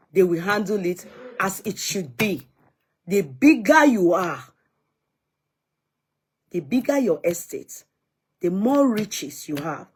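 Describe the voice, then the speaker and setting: Husky-voiced Nigerian woman vlogger. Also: medium pitch. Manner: chatty, retorts to commenters, mixes in Yoruba phrases. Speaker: vlogger commenting on news. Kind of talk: casual commentary to viewers.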